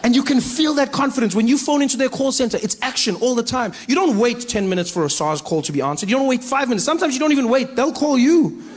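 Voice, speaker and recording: A man with a South African accent doing stand-up comedy, telling stories in a playful, animated way. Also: extremely high pitch, fast talker. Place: comedy stage.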